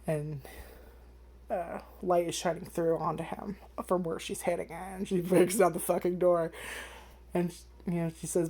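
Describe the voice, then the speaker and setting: A woman's voice: fairly low pitch, flat delivery, unhurried, mellow, breathy edge. A woman vlogger chatting casually about an anime, rambling with lots of fillers and freely swearing. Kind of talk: casual first-impressions chat.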